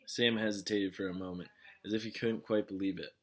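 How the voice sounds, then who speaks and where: Low-voiced man reading a novel aloud. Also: steady tone, fairly quick. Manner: plain, with slips and restarts. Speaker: reader of a novel. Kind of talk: casual read-aloud.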